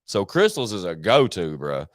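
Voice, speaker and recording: Male streamer with a lowish voice and a dead-dry sound, rambling loosely and swearing freely. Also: sing-song, moderate pace, no echo. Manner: profane, slangy, rambling. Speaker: live streamer. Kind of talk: casual rambling stream chat.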